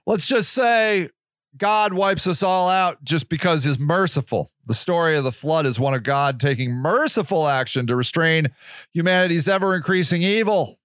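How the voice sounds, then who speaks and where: A man's voice: a little high, lively intonation, moderate pace, fairly bright tone, no room sound. A man hosting a solo podcast, reading passages aloud and then ranting in a sarcastic, profane, heated way. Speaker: podcast host.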